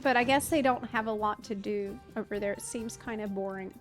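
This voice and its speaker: A young woman streamer giving casual, excitable commentary while gaming, chatty and swearing now and then. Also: medium pitch, brisk, faint music behind.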